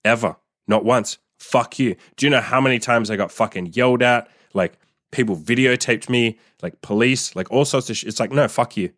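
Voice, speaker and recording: A man's voice: mid-range voice, moderate pace, fairly bright tone, dry recording, clean studio sound. A man hosting a podcast, talking in a blunt, profane casual monologue and laughing often. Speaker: podcast host.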